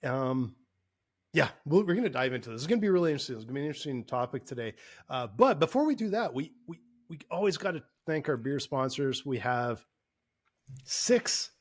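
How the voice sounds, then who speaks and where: Male co-host, mid pitch, easygoing and rambling, repeats himself. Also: very animated, brisk. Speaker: podcast co-host. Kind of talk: casual podcast chat.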